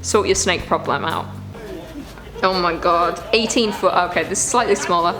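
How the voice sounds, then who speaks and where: A woman's voice: on the low side, moderate pace, over music. A woman hosting a reaction video in casual commentary, squeamish and groaning in disgust.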